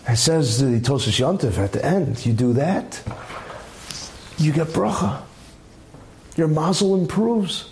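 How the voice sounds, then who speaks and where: A man giving a Torah lecture as a rabbi, speaking emphatically and acting out quoted voices in a high pitch. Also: lively intonation, slow pace, pauses often, darkish tone. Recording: echoey room with faint background noise.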